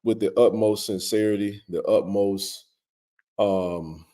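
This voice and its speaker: A man hosting a casual live stream, greeting viewers by name with a relaxed, filler-heavy way of talking. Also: lowish voice, slow.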